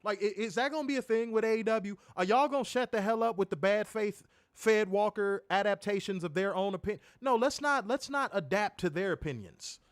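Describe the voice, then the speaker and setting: A man co-hosting a review podcast, ranting and teasing in a loud, profane, animated way. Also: high-pitched, fairly quick, no echo, clean studio sound. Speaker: co-host of a wrestling review show. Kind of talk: casual podcast chat.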